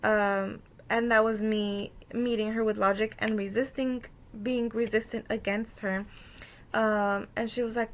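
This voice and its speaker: A woman's voice: fairly high pitch, flat delivery, a little slow, slight background noise. A young woman casually recounting a workplace conflict for a course assignment, with many "um" fillers and quoted dialogue. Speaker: student presenting a course activity. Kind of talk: casual spoken reflection.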